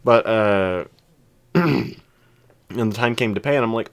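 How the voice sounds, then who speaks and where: A man's voice: on the low side, fairly even intonation, measured pace, long pauses, clean tone. A young man co-hosting a podcast, telling a long story in casual chat with lots of restarts and fillers. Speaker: podcast co-host.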